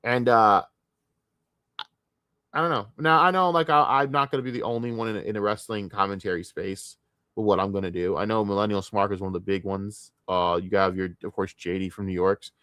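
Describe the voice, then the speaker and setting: A man's voice: fairly low pitch, steady tone, fairly quick, a bit bright, clean tone, no room sound, studio quality. A man from the United States ranting on a casual livestream, frustrated and profane, rambling with many restarts. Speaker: streamer.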